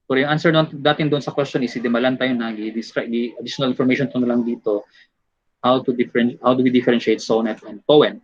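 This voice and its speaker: A man's voice: medium pitch, no echo. Filipino man teaching a review class. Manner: switches between English, Tagalog and Cebuano with many fillers; explains slowly and reads examples aloud. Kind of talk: online exam review lecture. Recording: dull lo-fi audio.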